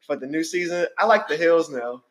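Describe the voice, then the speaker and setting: High-voiced man in casual joking chat. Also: fairly quick. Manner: animated, joking, laughs often. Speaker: podcast co-host.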